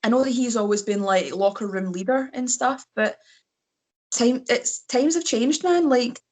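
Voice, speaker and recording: Chatty Scottish woman, slightly hoarse. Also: on the high side, a little slow, a little mellow. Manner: chatty, laughs often, many fillers. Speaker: wrestler guest. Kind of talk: casual chat.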